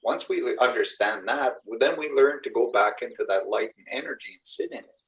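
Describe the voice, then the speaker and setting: A man's voice: medium pitch, a little fast, a bit bright, distant mic, poor audio. A middle-aged man, a shaman and spiritual teacher, giving a rambling, earnest talk to a live group. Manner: rambling, earnest storytelling with acted-out quotes.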